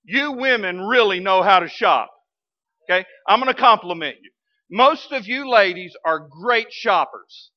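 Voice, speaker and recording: High-voiced pastor preaching animatedly. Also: male voice, measured pace, lo-fi sound. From Arkansas, US. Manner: animated, humorous storytelling with bursts of emphasis. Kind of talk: sermon.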